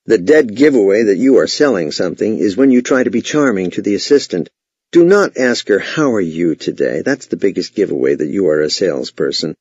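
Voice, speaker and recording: Emphatic, low-voiced male sales trainer. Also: very animated, fairly quick, darkish tone, breathy edge, dry recording. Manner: emphatic, authoritative delivery. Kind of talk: scripted instructional narration. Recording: dull, lo-fi, dry voice-over.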